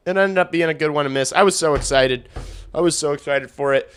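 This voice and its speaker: A hoarse young man streaming live, chatting casually and bluntly to his viewers, profane and rambling. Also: a little high, brisk. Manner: rambling, blunt and profane, addresses chat directly. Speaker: hockey streamer. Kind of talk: casual livestream chat.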